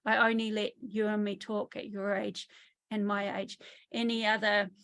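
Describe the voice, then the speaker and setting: A woman working as a trauma therapist, speaking in an online interview from her country home over a video call, telling lively stories and acting out what people said. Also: medium pitch, normal speed. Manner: lively storytelling, often acts out quotes.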